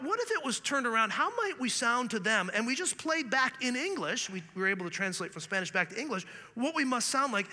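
Pastor, male, high bright voice, lively storytelling sermon, long hall reverb. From Canada. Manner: earnest, animated storytelling with humor.

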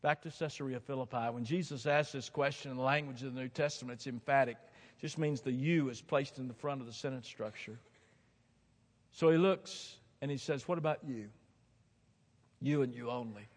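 A man preaching a sermon from a platform, swinging dramatically from hushed tones to shouting and hammering points home with emphatic repetition. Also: mid-range voice, a little fast. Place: large hall, speaking from a platform. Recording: long hall reverb.

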